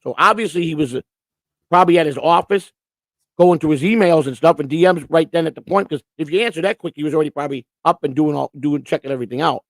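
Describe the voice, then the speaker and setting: On a computer setup with earphones, a male host of a laid-back live-stream chat show rambles and stammers, starting over repeatedly. His voice sits on the high side and moves fast, with no echo.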